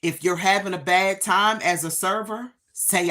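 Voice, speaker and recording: Speaking straight to her viewers on a live stream, a woman tells a casual story full of emphatic, drawn-out phrases. Her voice is medium-pitched with a sharp tone.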